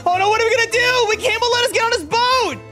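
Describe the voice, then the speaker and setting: A woman voicing a cheerful, excitable slime block hero in a Minecraft role-play, talking straight to viewers. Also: very high voice, quick pace, faint music behind.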